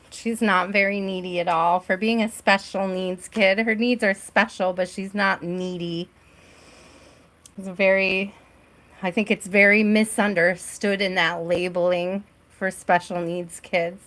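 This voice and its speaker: A middle-aged woman hosts a casual live tarot stream from her home. She talks in an unhurried, drawn-out way, reassuring her viewers and often checking in with a little "right?". Her voice sits in an everyday middle range. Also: mid-range voice, fairly even intonation, fairly bright tone.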